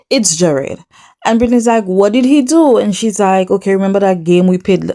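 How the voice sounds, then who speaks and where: A woman hosting a reality TV recap in casual chat, sassy and animated, acting out the people she quotes and speaking straight to the viewer. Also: lowish voice.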